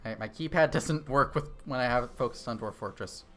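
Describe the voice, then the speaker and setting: Man, game streamer, casual chatty talk, thinks aloud, reads chat, mid-pitched voice, desk mic. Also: a little fast, pushed and bright, faint music behind. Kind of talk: casual live-stream chat while gaming. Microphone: desk microphone.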